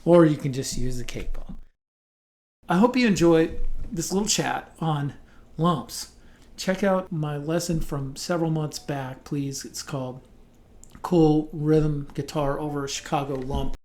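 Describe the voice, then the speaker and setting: A man's voice: fairly high pitch, measured pace, slight background noise. Chatty man teaching blues guitar. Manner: relaxed, chatty, scats rhythms aloud. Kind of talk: casual guitar lesson. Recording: loud guitar under the voice. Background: guitar playing.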